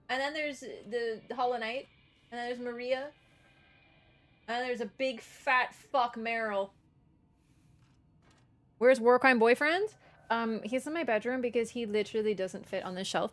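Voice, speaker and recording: A young woman streaming a horror game live, chatting excitably, joking and swearing at the game. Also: on the high side. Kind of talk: live let's-play chat.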